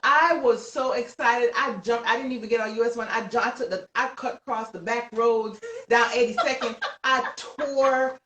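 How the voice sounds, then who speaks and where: An excitable woman tells a story with lots of energy, at times laughing and shouting. Her voice sounds set back from the mic and echoes around a roomy space. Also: a little high, moderate pace, few pauses, recorded from a distance. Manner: animated, breaks into laughs and shouts when excited. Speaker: guest author. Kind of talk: excited storytelling on a live stream.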